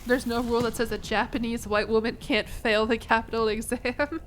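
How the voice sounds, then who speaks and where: A woman's voice: a little high, normal speed, soft background music. A young woman streaming a game, cursing freely and joking at her own expense. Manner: profane, self-mocking, excitable. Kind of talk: casual gameplay commentary.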